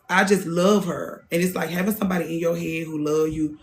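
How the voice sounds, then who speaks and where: In a fairly quick casual monologue with hardly any pauses, a hairstylist in her thirties hosting her own show speaks bluntly and profanely, repeating points for emphasis. Her voice is fairly low and steady in tone.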